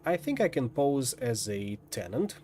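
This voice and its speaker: Male streamer reading a story game aloud, lively delivery with playful asides. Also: medium pitch, measured pace, slight background noise. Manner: lively, lightly dramatic narration with asides. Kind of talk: reading a visual novel aloud.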